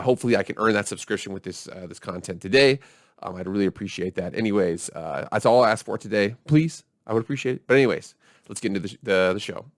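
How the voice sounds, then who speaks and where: A man's voice: lowish voice, no echo, studio quality. A man hosting his own sports video channel, talking in a casual, blunt and ranting way. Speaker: YouTube sports channel host. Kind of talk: casual vlog commentary.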